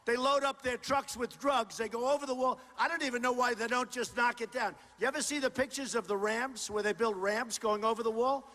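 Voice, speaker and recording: A man giving a campaign rally speech, punchy and repetitive and boastful, often shouting to the crowd through a stage microphone in a large indoor venue. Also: extremely high pitch, steady tone, a little fast, hardly any pauses. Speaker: political candidate. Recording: long hall reverb with faint crowd noise.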